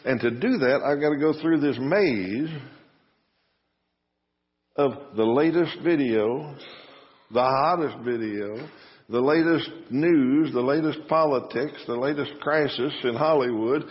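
A man's voice: medium pitch, measured pace. Man preaching in a reverberant hall. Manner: conversational, rhetorical questions, folksy. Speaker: pastor. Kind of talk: sermon. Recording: muffled sound with long reverb.

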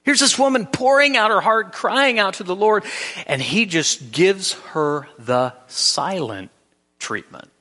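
A man's voice: high voice, animated, slow pace, sharp tone, long reverb tail. A man preaching a sermon in a conversational way, often restarting his sentences. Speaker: pastor.

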